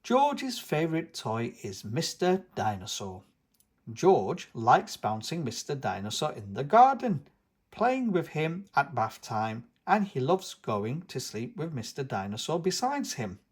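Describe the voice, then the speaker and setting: A man reading a children's picture book aloud as channel host, with animated storytelling. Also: a little high, a little slow, slightly rough. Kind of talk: children's read-aloud narration.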